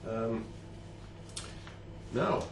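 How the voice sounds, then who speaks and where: A man bakes in his home kitchen for a casual vlog, speaking very slowly yet animatedly in a mid-range voice. His chat is laced with playful, self-mocking asides. The recording sounds roomy, with slight background noise.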